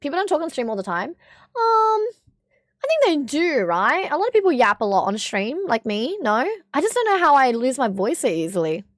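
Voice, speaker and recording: Hoarse young woman streamer chatting. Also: high-pitched, sing-song, normal speed, dry recording, studio quality. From Australia. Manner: chatty, swears often, reads chat aloud. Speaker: livestreamer. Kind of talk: casual stream chat, reacting to clips.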